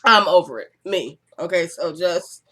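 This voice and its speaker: A woman's voice: fairly low pitch, expressive, a little slow, sharp tone, breathy edge. A young woman with a cold chatting casually through a TV episode recap, acting out the characters' lines. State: stuffy with a cold, coughing.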